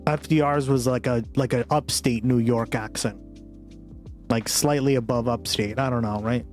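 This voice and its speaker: A man's voice: medium pitch, steady tone, moderate pace. Rambling male streamer over faint music. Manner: offhand, rambling, swears freely. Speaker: livestream host. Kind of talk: casual reaction commentary.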